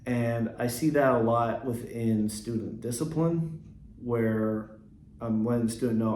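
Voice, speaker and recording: A man hosting a reflective solo podcast on leadership, speaking earnestly and at a measured pace, with frequent ums and restarts. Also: mid-range voice, darkish tone, roomy sound, slight background noise. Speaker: podcast host, Catholic school leader.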